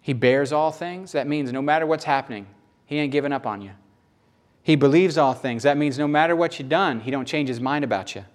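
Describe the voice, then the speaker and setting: A man with a Southern US accent preaching a sermon, animated and folksy, acting out little voices and jokes. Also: on the high side, a little fast. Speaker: pastor.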